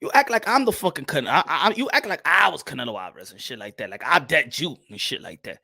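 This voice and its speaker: A man chatting casually as a boxing commentator, profane and laughing, with low, quieter asides. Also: big pitch swings, fast, gravelly, hardly any pauses. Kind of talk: casual comedic chat.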